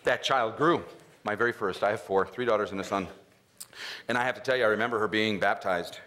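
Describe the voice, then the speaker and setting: A middle-aged man giving an animated storytelling talk at a faith event, acting out scenes with loud outbursts. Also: fairly low pitch, a little fast, a little hiss or hum. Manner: animated, acts out scenes with loud shouts and laughs.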